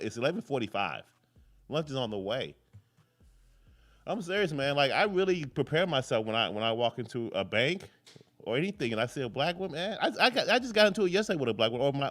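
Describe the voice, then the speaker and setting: A man hosting a live political commentary show, talking casually, rambling off on tangents and cursing freely. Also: medium pitch. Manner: rambling, jumps between tangents, curses freely.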